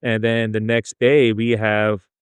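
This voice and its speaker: A man from El Paso hosting a casual podcast chat, relaxed and loose with his fillers, on a close mic. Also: lowish voice, takes it slowly, clean tone, no echo. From El Paso, Texas. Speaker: podcast host.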